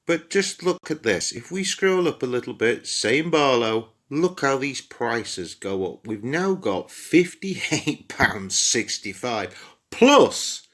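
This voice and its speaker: A man's voice: medium pitch, very animated, takes it slowly, a bit bright. A British man giving a casual, chatty product review with exasperated asides to his viewers. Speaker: astronomy gear reviewer. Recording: echoey room.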